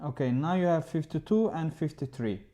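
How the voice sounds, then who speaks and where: Halting male chess streamer. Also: a little high, warm tone. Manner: halting, with many restarts, chatting with viewers. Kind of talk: casual livestream chat.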